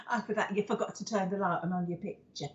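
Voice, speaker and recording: A woman's voice: medium pitch, dull audio. Lady medium doing a live reading, calls everyone darling, lots of ums, mid voice. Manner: warm, affectionate, rambling with many fillers. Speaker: psychic medium host. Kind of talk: live oracle card reading and chat.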